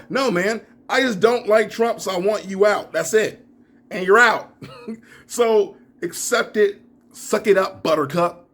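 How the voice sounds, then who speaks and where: A young adult man giving reaction commentary in a video, ranting and laughing, his voice rising to near shouts and sinking to mumbles. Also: high voice, moderate pace, husky. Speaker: YouTuber.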